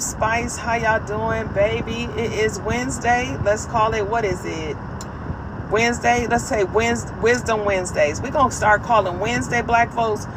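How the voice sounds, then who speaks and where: Woman, live stream host, loose repetitive chat to viewers; outdoors, traffic audible behind. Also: on the high side.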